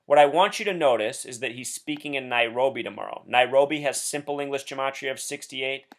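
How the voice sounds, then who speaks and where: A blogger and video host of ordinary pitch talks directly to his viewers in a solo commentary. Fairly quick, he speaks intensely and emphatically, leaning into each point as he goes.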